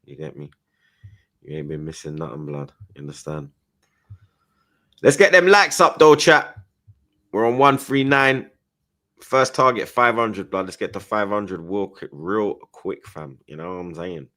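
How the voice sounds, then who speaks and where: Low-voiced host, slang-heavy casual football stream chat. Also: male voice, expressive, normal speed, bright, forceful tone. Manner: London slang-heavy, says 'blood' and 'you get me' often.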